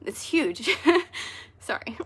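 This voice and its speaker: A woman leading a direct sales team, talking casually to her team in a vlog. She is choked up and tearful, laughing at herself through the tears. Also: extremely slow. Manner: emotional, self-deprecating, laughing through tears. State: tearful, choking up.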